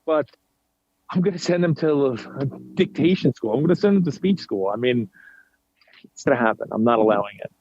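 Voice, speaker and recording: A man's voice: medium pitch, expressive, fairly quick, pauses often, darkish tone, no room sound, lo-fi sound. A middle-aged man from New York, chatting as a podcast guest, self-deprecating and full of fillers and restarts. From United States, New York. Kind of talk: casual interview chat. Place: at home.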